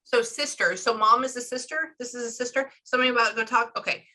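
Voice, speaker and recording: A woman, working as a medium in a casual session, relaying messages in quick chatty bursts. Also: a little high, sharp tone, poor audio. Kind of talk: casual reading session with clients.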